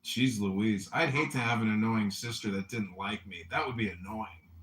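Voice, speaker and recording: A man hosting a casual talk show, teasing a caller in a deadpan, mock-earnest way. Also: on the low side, normal speed, echoey room, distant mic, a little hiss or hum. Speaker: host. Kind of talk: casual chat, teasing call.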